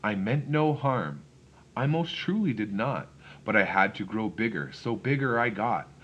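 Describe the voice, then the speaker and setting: Male storyteller, low voice, very animated rhythmic reading, slightly muffled recording with faint hiss. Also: unhurried. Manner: expressive, rhythmic first-person reading. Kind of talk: read-aloud rhyming storybook narration.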